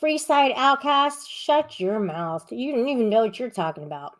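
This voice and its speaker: A woman hosting a live-stream panel, chatting casually, reading the chat aloud and scolding viewers in a rambling, sharp manner. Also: a little high, animated, moderate pace.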